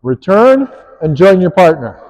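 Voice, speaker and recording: A man's voice: high-pitched, sing-song, unhurried, darkish tone, poor audio. A man coaching players on the court, upbeat and encouraging as he calls out praise and instructions. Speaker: pickleball coach.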